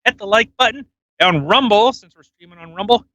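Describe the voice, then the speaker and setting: A man's voice: high-pitched, brisk, sharp tone, no echo. A man hosting a podcast in casual chat, full of provocative jokes and banter. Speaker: podcast host.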